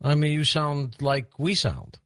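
A man's voice: a little high, a little slow, no echo. A man hosting a late-night call-in radio show, joking lightly with callers. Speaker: radio host.

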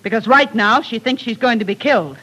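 A woman's voice: fairly high pitch, fairly quick, sharp tone, low-quality recording. An actress playing a cold, manipulative female kidnapper, in 1940s radio acting. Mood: scheming. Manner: cool, manipulative.

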